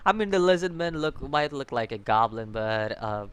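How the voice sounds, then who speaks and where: A man's voice: mid-range voice, animated, moderate pace, clean tone. A man hosting a casual video review, rambling, laughing often and swearing as he restarts his sentences. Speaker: anime reviewer, channel host.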